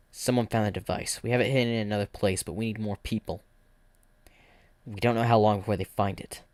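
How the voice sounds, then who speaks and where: A man's voice: fairly low pitch, fairly even intonation, brisk, a little mellow, dry recording, close to an everyday voice. A man voicing an earnest camera-headed agent who sighs as he speaks.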